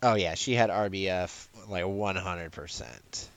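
A man co-hosting a podcast in casual chat, animated, laughing and often restarting his sentences. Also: deep voice, a little slow, no room sound. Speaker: podcast co-host.

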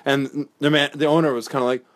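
A man guesting on a podcast, telling a rambling story with many fillers, restarts and animated quotes. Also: mid-range voice, a little fast. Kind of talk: casual storytelling chat.

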